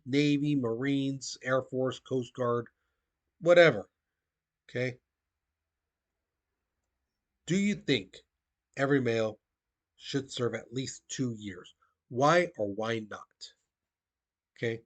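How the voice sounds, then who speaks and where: A man giving a recorded history lesson in a casual, conversational way. His voice sits at an ordinary middle pitch, and he keeps checking in with his students as he goes. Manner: casual, conversational, peppered with "okay?" and "the thing is". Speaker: teacher.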